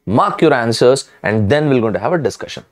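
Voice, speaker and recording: A man's voice: medium pitch, lively intonation, a little fast. A man teaching a live online lesson, emphatic and addressing students directly, repeating key words. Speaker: online exam-prep teacher.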